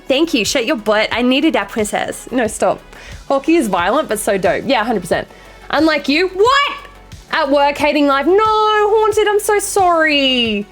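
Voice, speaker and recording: An excitable woman hosting a live stream, her high voice swinging up and down as she chats with viewers. She swears freely and greets each chatter by name, with faint music playing behind her. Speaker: livestream host. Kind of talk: casual chat with live viewers.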